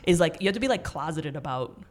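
A woman's voice: low voice, animated, fast. A woman co-hosting a podcast in casual chat, rambling and joking with frequent swearing. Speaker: podcast co-host.

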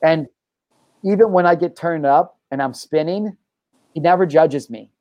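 A young adult man hosting a podcast, telling stories in an excitable, profane, casual way, full of bro and dude. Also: a little high, a little slow, dry recording, dull audio. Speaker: podcast host. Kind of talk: casual chat.

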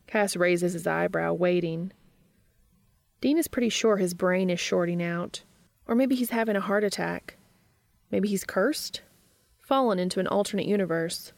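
A woman narrating a fan fiction story aloud in a steady reading voice. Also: lowish voice, normal speed, creaky, no room sound.

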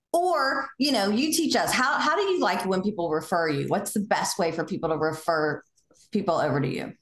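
A woman with a Southern US accent hosting a podcast, coaching in a casual, animated way and acting out sample conversations. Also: medium pitch, moderate pace, echoey room. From Southern United States. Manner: animated, acts out sample dialogue in lively voices. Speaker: podcast host.

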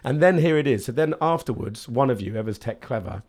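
A man in his late thirties, talking as a podcast guest at an ordinary pitch. He tells his stories with energy and slips into little acted-out voices along the way. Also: fairly quick, breathy edge. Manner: animated storyteller who acts out little voices. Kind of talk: casual podcast conversation.

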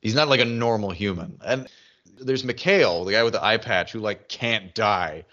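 A man's voice: lowish voice, normal speed, pushed and bright. A man co-hosting a podcast, chatting casually with lots of fillers and restarts, in muffled audio. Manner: rambling, many fillers and restarts. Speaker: podcast co-host. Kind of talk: casual chat about a TV show.

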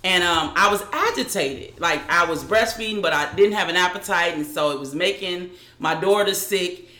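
A woman, as an interview guest, recounting a personal story in a halting way with frequent restarts. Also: on the low side, sharp tone, reverberant.

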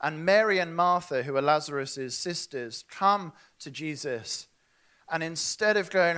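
A man's voice: a little high, measured pace, bright, forceful tone. A man preaching a sermon, earnest and asking his listeners direct questions.

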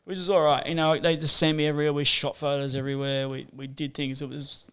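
An Australian man with a raspy, gravelly edge talks about his work as a surf photographer. His delivery is blunt, loose and profane, carried along by story after story in a casual interview. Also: a little high, level tone, fast talker, fairly bright tone. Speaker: surf photographer, podcast guest.

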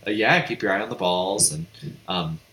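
A man co-hosting a podcast in casual chat, joking and quick to laugh. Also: deep voice, bright, forceful tone, roomy sound. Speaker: podcast co-host.

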